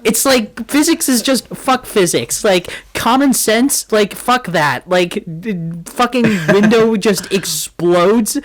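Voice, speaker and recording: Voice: mid-range voice, slow pace, hardly any pauses. A podcast co-host in casual film-review chat, ranting in anger with heavy swearing and constant filler words.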